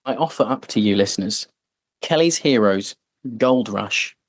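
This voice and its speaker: A man's voice: on the low side, expressive, normal speed, no echo. A man hosting a podcast, chatting casually and joking, with lots of fillers. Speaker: podcast host. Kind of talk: casual chat.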